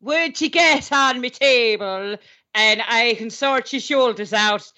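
A woman's voice: a little high, takes it slowly, pushed and bright, heavily acted. A woman putting on a put-on Irish accent to play a flirty male masseuse in a comic role-play audition. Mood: hammy flirt.

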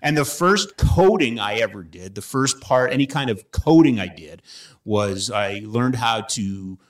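A middle-aged man hosting a podcast in a studio, telling animated stories and laughing often. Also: lowish voice, a little slow. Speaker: podcast host. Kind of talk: casual studio chat.

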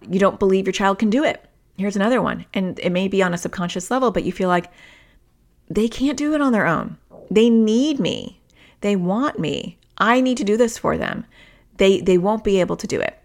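Woman podcast host, therapist type: low, gravelly, conversational explainer. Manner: conversational, explains through everyday examples. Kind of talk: casual solo podcast talk.

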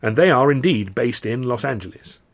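A man voicing a polite, formal lawyer who talks in a measured, slightly hesitant way. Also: medium pitch, animated. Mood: flustered. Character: flustered formal male lawyer, polite and fussy.

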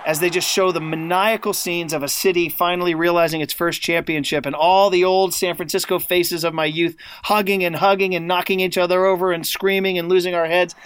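A man from the United States chatting on a podcast, telling stories with excitement and loudly acting out quotes he remembers. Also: sits high, fairly quick, hardly any pauses, clean tone. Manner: excited storyteller, acts out quoted commentary loudly. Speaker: guest contributor. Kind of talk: casual podcast chat.

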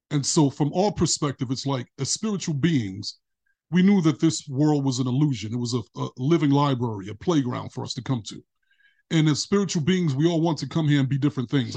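A middle-aged man talking as a podcast guest in a casual interview, telling vivid stories and acting out the voices of the people in them. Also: medium pitch. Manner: expressive storytelling, acting out quoted voices.

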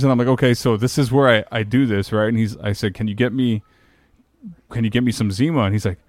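A low-voiced man in his thirties spins a long, rambling anecdote, swearing freely and laughing at himself as he goes. The sound is dry and close, with no room around it. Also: fast talker, no echo. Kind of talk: casual chat.

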